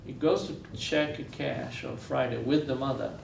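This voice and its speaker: In a storytelling lecture at a university, an Israeli guest speaker earnestly repeats phrases to give them weight, heard from a distance. He has a steady, mid-range voice with vocal fry and a moderate pace, in a roomy space with slight background noise.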